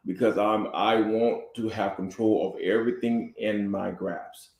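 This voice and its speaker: A man with a somewhat low voice talks in a halting way, with fillers and repeated words as he works through his thoughts. He co-hosts a casual talk with his wife. The recording has a noticeable room echo. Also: steady tone, darkish tone, highs cut off. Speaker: husband and co-host. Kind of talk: casual couple's talk show.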